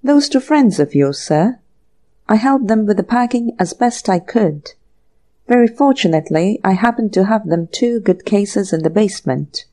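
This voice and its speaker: A woman's voice: medium pitch, expressive, normal speed, dark tone, natural voice. A woman voicing a polite, apologetic male manservant in an audiobook reading. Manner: respectful, ends phrases with "sir".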